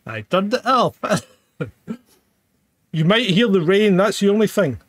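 Man, high and lively voice, sweary, teasing, casual streamed chat. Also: unhurried, dry recording. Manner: sweary, teasing, laughs often. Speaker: co-host of a live-streamed chat show. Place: home.

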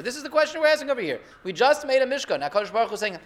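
High-pitched, bright-voiced rabbi giving a sermon. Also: male voice, rapid-fire, hardly any pauses. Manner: rhetorical, builds to excited emphasis. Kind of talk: Torah sermon.

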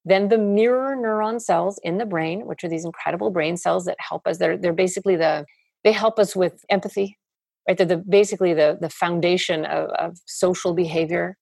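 Gravelly, husky woman therapist explaining. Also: lowish voice, darkish tone, dry recording. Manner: explains steadily and acts out quoted parents and children. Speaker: child and family therapist. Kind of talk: explanatory podcast interview.

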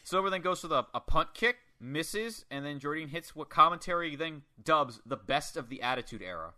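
A man excitedly recapping a wrestling match in casual, profane chat. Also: fairly high pitch, moderate pace. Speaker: podcast co-host.

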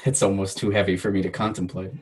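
A young man, a podcast guest, telling personal stories in casual chat, reflective and earnest, with bursts of animated laughter. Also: low voice, moderate pace, husky, poor audio.

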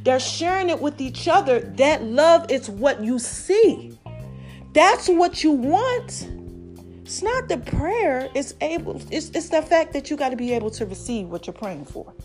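A raspy, slightly hoarse woman talks to her podcast listeners in a casual, preachy monologue. Her voice sits high and swings all over the place. A little music plays faintly underneath. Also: a little slow. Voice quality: raspy, deeper than usual. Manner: preachy, animated, calls listeners "baby" and "y'all". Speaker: podcast host.

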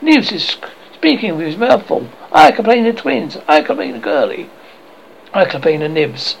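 A man's voice: sits high, big pitch swings, moderate pace, vocal fry, slight background noise, exaggerated voice, poor audio. A man reading aloud and voicing a bossy, motherly young girl who scolds and fusses over the other children. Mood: fussing. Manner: fussy, scolding.

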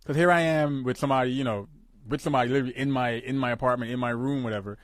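A young adult man co-hosting a casual chat, speaking in a reflective, candid and measured way. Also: mid-range voice, fairly even intonation, dry recording, studio quality. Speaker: co-host.

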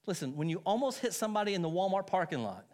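A man's voice: high-pitched, big pitch swings, very fast, darkish tone. A middle-aged man preaching a sermon as pastor, telling stories with self-mocking humor and frequent laughs.

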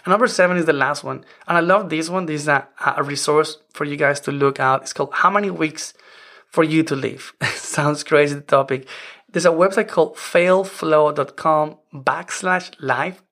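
Non-native English-speaking male podcast host in his forties, earnest and rambling, with a fairly high voice. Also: fairly even intonation, brisk, pushed and bright. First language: not English. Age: 40s. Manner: earnest, rambling with many "I mean" restarts. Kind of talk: casual self-help podcast monologue.

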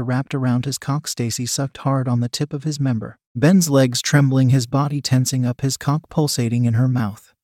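A man narrating an adult audio story in a plain, steady reading voice. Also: medium pitch, no echo, studio quality. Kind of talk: reading an erotic story aloud.

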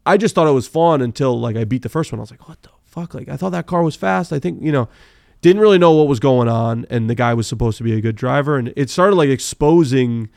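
A man telling animated, profanity-laced car racing stories as a podcast guest, full of fillers. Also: medium pitch, fast talker, creaky, no room sound, clean studio sound. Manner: animated, swears freely, many fillers. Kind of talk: casual storytelling interview.

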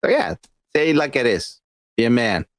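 Podcast co-host, man, bouncing pitch, swearing and mocking, dry close sound. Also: moderate pace, no room sound. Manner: profane, animated, mocking. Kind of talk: crude casual podcast chat.

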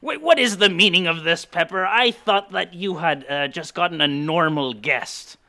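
A man's voice: on the high side, normal speed, pushed and bright. A man playing a proud, easily startled pirate captain in an improvised comedy, blustery and stammering. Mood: indignant. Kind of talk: improvised comedy role-play.

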